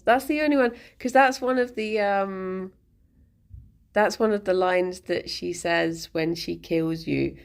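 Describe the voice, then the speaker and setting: A woman's voice: mid-range voice, vocal fry. A woman streamer chatting casually, rambling and giggling often as she talks.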